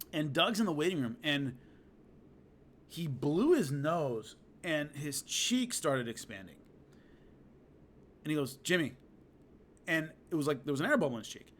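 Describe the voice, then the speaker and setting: Animated man telling fight stories. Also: fairly high pitch, slight background noise. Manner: animated, acts out hits with loud sound effects. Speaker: combat sports commentator telling stories. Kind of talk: casual storytelling monologue.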